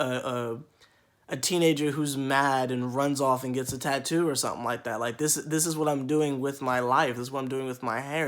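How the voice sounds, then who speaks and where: A young man vlogging casually to camera, rambling with many restarts and mock-quoting other people. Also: mid-range voice. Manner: rambling, with repeated restarts and mocking quoted voices.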